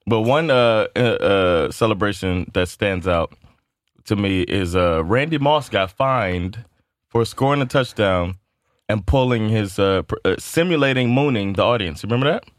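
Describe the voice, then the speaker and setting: A man's voice: lowish voice, animated, moderate pace, no echo, clean studio sound. A man co-hosting a podcast in casual chat, a laid-back storyteller who laughs often and uses lots of filler words. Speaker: podcast co-host.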